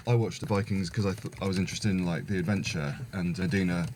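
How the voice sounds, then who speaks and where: Low-voiced man, noisy recording. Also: normal speed, a little mellow. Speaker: podcast co-host. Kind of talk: casual chat.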